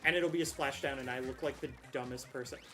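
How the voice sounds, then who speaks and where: A young woman streaming a game, chatting casually and rambling with sudden excited outbursts. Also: extremely low pitch, quick pace, music in the background. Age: young adult. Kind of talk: casual gameplay commentary.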